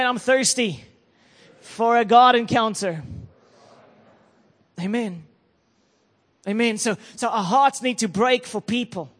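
A man preaching a sermon, telling an emotional story and building to loud declarations. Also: very high voice, big-room sound.

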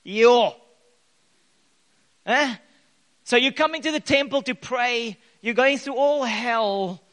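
High, bright-voiced preaching man. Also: slow. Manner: animated preaching with bursts of loud acted quotes. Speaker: pastor. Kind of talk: sermon. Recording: long hall reverb.

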